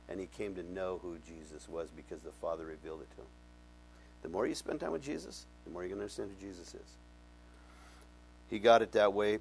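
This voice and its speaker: Animated man teaching a sermon. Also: fairly low pitch. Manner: animated, asks the congregation questions; conversational, folksy. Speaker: pastor.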